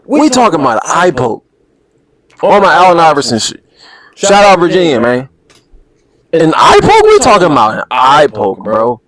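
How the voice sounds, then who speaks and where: A man hosting a reaction video with casual, animated, slang-heavy commentary that keeps breaking into laughter. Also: on the high side, normal speed, crowd noise, low-quality recording.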